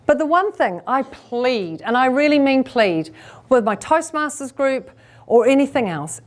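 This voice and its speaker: A woman with a somewhat high voice delivers a keynote on public speaking to a live audience in a room. She talks in a lively way and slips into quick asides that play out what listeners are thinking. She slows down and pauses on purpose to make her points land. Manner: uses deliberate pauses and shifts in pace for effect.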